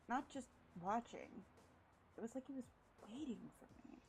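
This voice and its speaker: Reading a visual novel aloud, a let's play gamer speaks at normal speed in a fairly high, expressive female voice. The rough recording has a bit of hiss or hum, and she drops breezy, casually sweary jokes between the lines.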